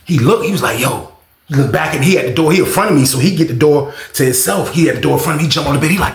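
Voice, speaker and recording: A man with a fairly high, gravelly voice tells a story in a casual vlog. He is profane and animated, and he acts out noises and other people's lines. His voice echoes around the room. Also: fast. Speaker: storyteller recounting prison life.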